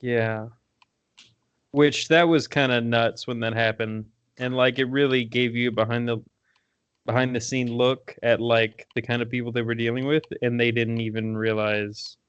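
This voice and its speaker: Smooth, dry-voiced hesitant male guest. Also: medium pitch, flat delivery, normal speed, no echo, lo-fi sound. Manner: hesitant, tentative. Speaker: podcast guest. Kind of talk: casual chat.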